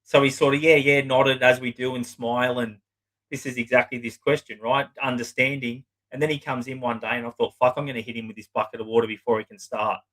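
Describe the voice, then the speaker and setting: Speaking quickly in a level, fairly bright medium-pitched voice, this middle-aged psychotherapist recounts client stories during a casual interview. He curses bluntly and voices his clients' lines himself, all captured on a rough recording.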